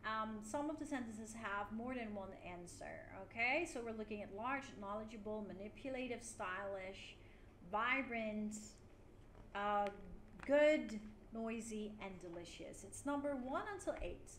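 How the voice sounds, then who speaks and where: Lady english teacher, clear and encouraging, slightly high voice, echoey room. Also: measured pace. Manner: clear, encouraging, with frequent 'yeah' fillers. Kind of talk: recorded online English lesson. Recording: roomy with faint noise.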